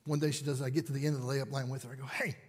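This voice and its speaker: A man telling parenting stories to an audience in an animated, self-deprecating way. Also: medium pitch, racing, slightly rough, in a large hall. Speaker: parent and speaker. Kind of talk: storytelling talk to an audience.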